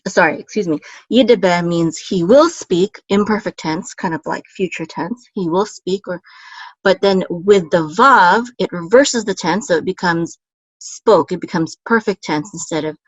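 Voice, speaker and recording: A woman with a fairly low voice gives a patient, step-by-step language lesson. She sounds out syllables slowly and repeats them, stopping now and then to correct herself. The recording is close and dry, with no room sound. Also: no room sound, muffled recording. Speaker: Hebrew teacher.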